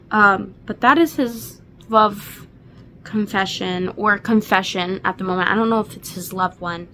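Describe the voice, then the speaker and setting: A woman's voice: mid-range voice, sharp tone, a little hiss or hum. A woman in her twenties giving a casual, emotional book recap, gushing with lots of fillers. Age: 20s. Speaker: book reviewer.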